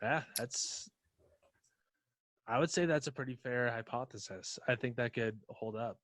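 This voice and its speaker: A man's voice: medium pitch, measured pace, a bit bright, no echo. A man co-hosting a comedy podcast in casual, rambling, profane chat. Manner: laid-back, profane, rambling. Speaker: podcast co-host.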